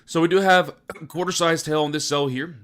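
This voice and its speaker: A man forecasting the weather in live storm coverage, tired from very little sleep and talking in a fairly monotone way. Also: fairly high pitch, fairly quick. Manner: self-described monotone delivery.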